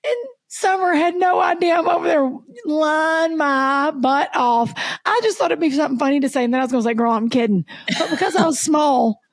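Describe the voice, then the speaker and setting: A woman, co-hosting a podcast and telling lively stories in casual chat. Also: sits high, a little fast, no room sound, studio quality. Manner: animated storyteller, acts out voices. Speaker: podcast co-host.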